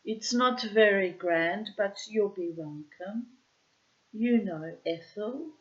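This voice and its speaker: A woman's voice: medium pitch, slow, lo-fi sound, close to an everyday voice. A woman voicing a sly, fawning old male ex-sea captain with a wheezy, cracked voice and a put-on Norwegian accent. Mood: ingratiating.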